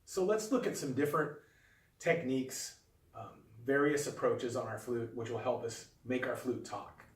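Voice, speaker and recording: Male flute teacher, patient and calm, mid pitch, echoey room, a bit off-mic. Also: normal speed, recorded from a distance. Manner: calm, patient, demonstrative explaining. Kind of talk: instructional video lesson.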